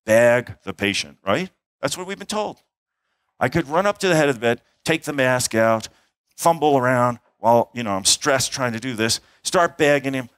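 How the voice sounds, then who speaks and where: Recorded dry, this middle-aged man's voice is medium in pitch with a fairly bright tone. He's an emergency doctor who teaches airway skills, narrating a case at a conference hall and performing the dialogue and sounds.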